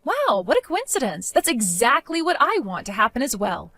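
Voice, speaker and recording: A woman voicing a defiant, mocking young daughter-in-law in an animated story, speaking in a sarcastic way. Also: fairly high pitch, normal speed, no echo, exaggerated voice. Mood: cold. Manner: sarcastic, mocking, laughs often.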